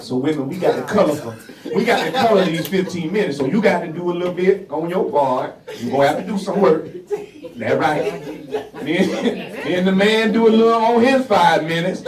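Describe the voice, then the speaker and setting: An older man with a Southern US accent doing a loud, animated stand-up comedy set at a café open mic, laughing along with the audience. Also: high voice. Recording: roomy, distant, crowd noise.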